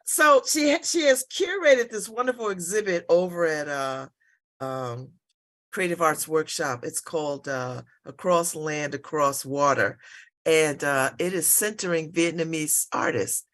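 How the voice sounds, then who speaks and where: A middle-aged woman hosts a radio talk show in a relaxed, effusive manner. Her voice sits on the low side for a woman, and she stumbles into fillers now and then as she tees up her guest. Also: measured pace. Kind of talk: casual interview chat.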